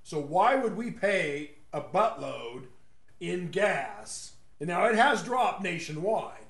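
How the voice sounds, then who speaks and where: A man with a fairly high voice rambles through a casual, opinionated monologue. He mocks his targets and chuckles at his own jokes. His voice rings in an echoey room. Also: sing-song, slow pace, gravelly, fairly bright tone. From West Texas.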